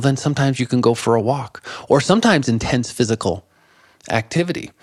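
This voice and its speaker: A man in his fifties, a guest in an interview, telling animated stories about meditation and laughing often. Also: medium pitch, no room sound, studio quality. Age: 50s. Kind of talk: conversational interview.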